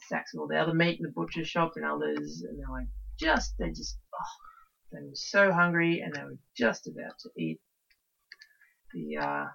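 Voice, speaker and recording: A woman's voice: deep voice, normal speed, creaky, husky. A woman co-hosting a casual podcast, rambling through folk stories and acting out the quotes, on a dull lo-fi recording. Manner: animated, rambling, acts out quotes. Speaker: podcast co-host. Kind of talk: casual chat, storytelling.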